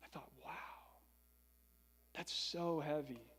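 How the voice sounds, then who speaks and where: A young male pastor preaching with a high, earnest voice. He piles up phrases for emphasis, and his words ring with the long reverb of a large church hall. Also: slow pace, a bit bright, husky. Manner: earnest, building to emphatic repetition. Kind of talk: sermon.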